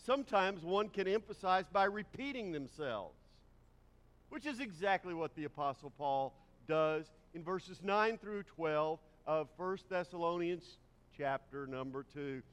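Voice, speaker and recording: Pastor preaching in a reverberant church. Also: male voice, fairly high pitch, animated, a little slow. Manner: varies pace and volume for emphasis. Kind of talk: sermon. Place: church sanctuary. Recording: long hall reverb.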